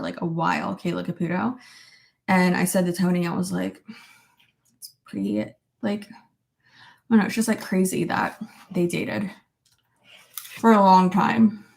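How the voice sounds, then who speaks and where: A woman's voice: fairly low pitch, creaky. A young adult woman vlogger chatting casually at her desk at home and reacting to viewer comments, with lots of "like" fillers and casual swearing. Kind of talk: casual chat.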